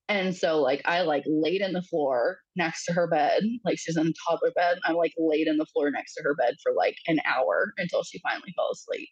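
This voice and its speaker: Husky-voiced woman telling a personal story. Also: sits low, dry recording, muffled recording. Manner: halting, frequent fillers, acts out quoted voices. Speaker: podcast guest.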